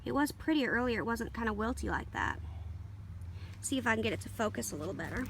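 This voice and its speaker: A woman with a somewhat high voice shows off her garden on a handheld camera. She rambles at an easy pace, full of ums and quick apologies. Faint open-air ambience hangs behind her voice. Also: lively intonation, vocal fry, a bit bright, slight background noise. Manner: rambling, easygoing, full of fillers and small apologies. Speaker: garden vlogger. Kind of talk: casual garden tour. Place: outdoors in a home garden. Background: faint outdoor ambience, passing planes.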